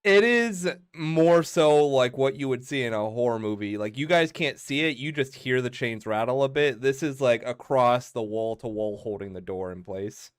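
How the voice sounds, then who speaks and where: A man's voice: mid-range voice, animated, moderate pace, hardly any pauses, clear, resonant tone, no room sound. A man running a tabletop role-playing game as game master, casual with many fillers and laughs.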